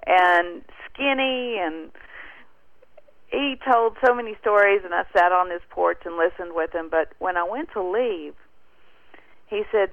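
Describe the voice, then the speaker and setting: A woman telling a story as a guest in an animated, casual way over a phone line. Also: lowish voice, unhurried, no echo.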